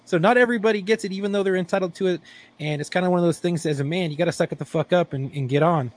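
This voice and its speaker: A man's voice: high voice, rapid-fire. A man co-hosting a podcast in a brash, heavily profane way. He tells stories from his past in casual, blunt banter. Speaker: podcast co-host.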